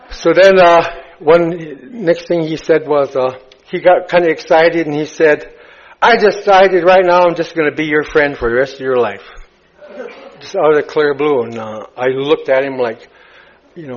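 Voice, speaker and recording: A man speaking at a recovery meeting, telling his story in a halting way, full of fillers and restarts. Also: a little high. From United States. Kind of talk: personal recovery story told to a crowd. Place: retreat meeting hall. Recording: dull lo-fi talk recording.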